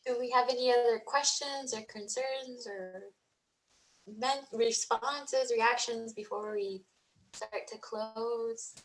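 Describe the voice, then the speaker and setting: A woman's voice: fairly high pitch, slow, low-quality recording. Grateful woman hosting a webinar. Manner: warm, grateful, thanks repeatedly. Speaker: webinar host. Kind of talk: closing remarks. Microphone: video call.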